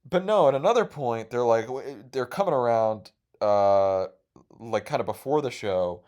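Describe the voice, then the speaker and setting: A man's voice: mid-range voice, animated, moderate pace, a little mellow. A young man hosting a podcast, rambling casually on his own with a self-deprecating, profane humor. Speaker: podcast host.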